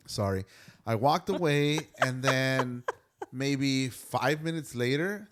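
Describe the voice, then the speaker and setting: Taking his time in a medium-pitched voice, this young podcast co-host casually recounts a workday. He animates the story by performing each bit of quoted dialogue.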